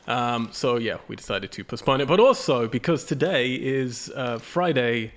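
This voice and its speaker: A man hosting a casual podcast, his voice hoarse and raspy from a recent illness, talking in a loose, rambling way and laughing often. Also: mid-range voice, lively intonation, normal speed. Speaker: podcast host.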